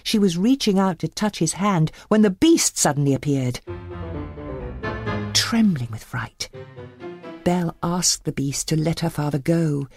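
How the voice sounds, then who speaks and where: Animated low-voiced woman reading a storybook. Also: unhurried, pauses often. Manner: expressive, animated. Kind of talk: storybook read-aloud. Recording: faint background music.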